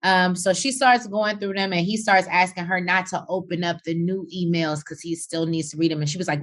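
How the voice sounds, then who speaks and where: A woman with a fairly low voice recaps a reality show in a loose, casual chat. She tells the story animatedly, acting out each person's lines and swearing freely. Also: steady tone, a little fast, hardly any pauses, fairly bright tone. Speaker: podcast co-host.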